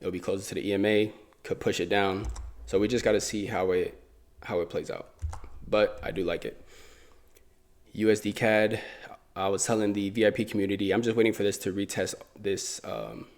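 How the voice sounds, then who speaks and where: A man with a fairly low voice talks through trading charts in a relaxed, conversational way. He thinks aloud, circles back and repeats phrases as he points things out. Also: fairly quick. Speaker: forex trading YouTuber. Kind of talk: casual chart walkthrough.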